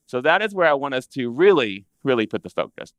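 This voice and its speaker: A man presenting to an audience of interior designers in a chatty, animated way, acting out what clients say. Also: medium pitch, quick pace, no room sound. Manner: animated, conversational, acts out clients' complaints. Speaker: interior design business educator. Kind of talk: live presentation to a seated audience.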